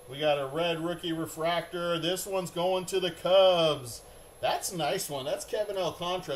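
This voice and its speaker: A man's voice: fairly high pitch, normal speed, a little hiss or hum. A middle-aged man hosting a live card break, chatting in a rambling, upbeat way.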